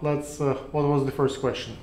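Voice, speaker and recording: A man with a heavy Russian accent hosting a casual interview, talking haltingly with many fillers and restarts. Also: mid-range voice, level tone, darkish tone. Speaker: podcast host. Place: production studio room. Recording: roomy echo.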